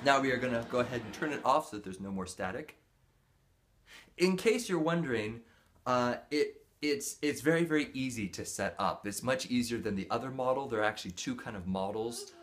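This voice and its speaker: A man's voice: mid-range voice, expressive, a little fast, fairly bright tone, slight background noise. A man hosting a casual product review demo, chatty and playful with mock-formal jokes. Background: music from the speaker.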